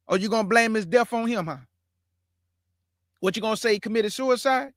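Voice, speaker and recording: A man's voice: high-pitched, a little fast, long pauses, fairly bright tone, no room sound, studio quality. A man hosting his own show, giving heated, emphatic religious commentary that repeats its points. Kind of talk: impassioned preaching commentary.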